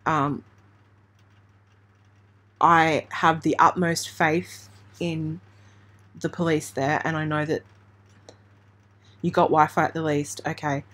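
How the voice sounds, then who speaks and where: A woman from Australia hosting a true crime channel, giving halting, emotional live commentary on breaking news while trying not to cry. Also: low voice, level tone, fairly bright tone. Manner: halting, emotional, hesitant with restarts. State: near tears.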